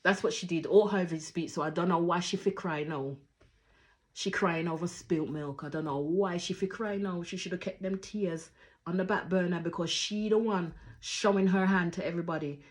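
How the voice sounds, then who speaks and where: Opinionated woman, tinged. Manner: opinionated, acts out quotes with big jumps in pitch and volume. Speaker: reality show reviewer. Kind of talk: casual reaction commentary.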